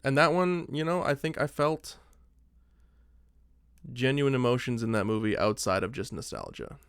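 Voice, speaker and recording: A man of middle pitch chats casually as a podcast co-host. He is animated, peppers his speech with "like", and acts out his own reactions as quoted lines. The recording is dry and close. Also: moderate pace, clear, resonant tone, no room sound. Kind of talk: casual chat.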